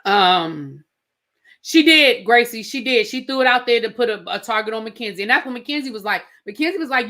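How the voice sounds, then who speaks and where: Woman, reality TV reviewer, animated, sassy, emphatic, high bright voice. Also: quick pace. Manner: animated, sassy, emphatic, addresses viewers directly. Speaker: TV show reviewer. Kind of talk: casual recap commentary.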